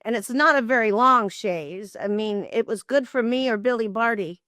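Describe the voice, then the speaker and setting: An older woman telling lively, expressive stories as an interview guest, often laughing. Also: fairly high pitch, moderate pace, no room sound, studio quality. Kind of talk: animated storytelling.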